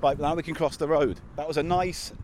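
A man's voice: a little high, fairly even intonation, brisk, crowd noise. A man with a London accent co-hosting a podcast, bantering and joking as he walks outdoors. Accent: London English. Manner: teasing, jokey, breaks into silly voices. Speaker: podcast co-host. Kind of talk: casual banter on a walk. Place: outdoors on a common by roads. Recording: outdoor recording with traffic noise.

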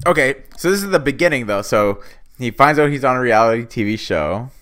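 A man's voice: medium pitch, lively intonation, a little fast, a bit bright. A young man co-hosting a comedy chat, laughing often and building on the jokes. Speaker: podcast co-host.

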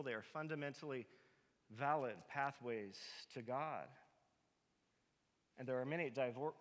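A male pastor preaching a sermon, emphatic and direct, often asking his listeners rhetorical questions. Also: medium pitch. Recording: long reverb of a large hall.

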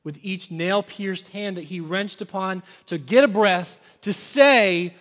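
A man preaching a sermon as pastor, building to loud intensity and dropping to hushed whispers. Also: high-pitched, unhurried, few pauses, in a large hall.

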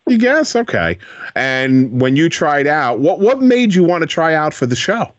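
A man's voice: fairly high pitch, expressive, normal speed, dry recording, muffled recording. A man hosting a radio interview show, asking children encouraging follow-up questions from a studio.

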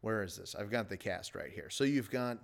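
Rambling, excited man reviewing movies. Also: on the low side, fairly quick, gravelly. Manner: rambling, enthusiastic, digressive. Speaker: podcast host reviewing movies. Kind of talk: casual chat.

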